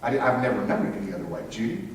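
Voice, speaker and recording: A man's voice: lowish voice, very fast, crowd noise. A man teaching a church class who asks the group questions and calls on people by name. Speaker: Sunday school teacher. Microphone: room mic from a distance. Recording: echoey room from far off, faint hiss.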